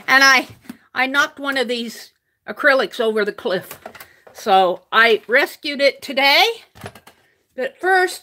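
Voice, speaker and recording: A woman's voice: sits high, animated, slow, pauses often, pushed and bright, slight background noise. An older woman live-streaming her crafting, chatting casually, reading viewers' comments aloud and laughing often. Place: home craft room.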